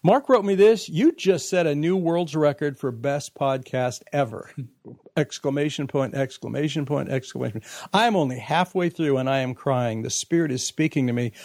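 A man's voice: on the high side, animated, moderate pace, a little mellow, no echo, clean studio sound. A man hosting a faith podcast, talking casually and reading listener emails aloud in a reflective, earnest way. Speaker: podcast host.

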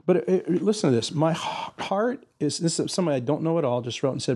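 An older man talks about faith in an earnest, searching way. He often restarts his thoughts mid-sentence. His voice sits a little high for a man. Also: lively intonation, mellow, husky. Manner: earnest, pauses and restarts while thinking aloud. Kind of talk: reflective faith conversation.

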